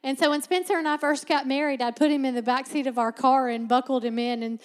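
A woman with a high, bright-pitched voice preaches a sermon, moving between teaching and playful, laughing asides. Her voice rings out with a long reverb, as if in a big church hall. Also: steady tone, fast, smooth.

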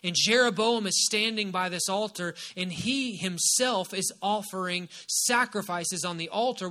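Bright-voiced emphatic male preacher. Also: high voice. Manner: emphatic and repetitive, stressing key phrases. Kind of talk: sermon, retelling a Bible story.

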